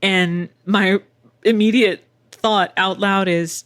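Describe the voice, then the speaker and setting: A woman's voice: lowish voice, moderate pace, fairly bright tone, no room sound, studio quality. A middle-aged woman hosting a casual solo podcast, chatty and candid, swearing freely with wry asides. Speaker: podcast host and voice actor.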